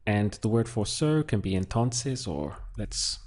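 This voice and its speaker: Slow, husky, low-voiced male teacher. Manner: calm, methodical, thinks aloud with pauses. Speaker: Spanish teacher. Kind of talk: unhurried lesson walkthrough while writing.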